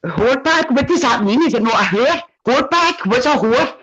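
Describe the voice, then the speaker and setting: A woman's voice: sits high, lively intonation, moderate pace, fairly bright tone, slightly rough. A Scottish woman taunting and mocking someone in a sweary livestream argument. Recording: dull lo-fi stream audio.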